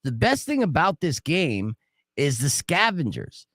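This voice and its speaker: A man hosting a radio morning show, telling stories casually in a joking, animated way and running a call-in game. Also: on the high side, a little slow, no echo, clean studio sound. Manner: animated, joking, acts out quoted voices. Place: radio studio. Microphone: studio microphone.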